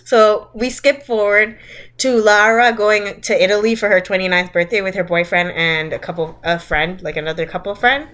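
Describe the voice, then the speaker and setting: A woman co-hosting a casual podcast, talking at a middle pitch. She chats in an animated way, breaks into laughs often, and keeps the story moving as she roasts a film. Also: normal speed. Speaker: podcast co-host. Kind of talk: casual chat, movie roast.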